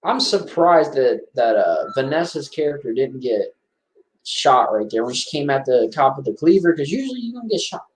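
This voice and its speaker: A man giving casual, excitable commentary over a horror movie, rambling and restarting his sentences. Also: mid-range voice, normal speed. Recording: echoey room.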